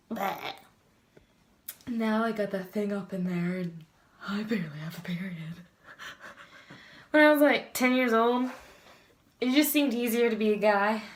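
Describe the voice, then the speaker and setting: A woman's voice: mid-range voice, roomy sound. A young woman talking candidly in a casual confessional vlog, blunt and swearing freely. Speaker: vlogger.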